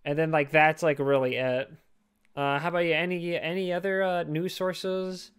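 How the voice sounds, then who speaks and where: A man's voice: fairly high pitch, little pitch movement, moderate pace, clean tone. A young man co-hosting a podcast in casual chat, rambling and jokey, cursing freely and filling his talk with fillers. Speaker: podcast co-host.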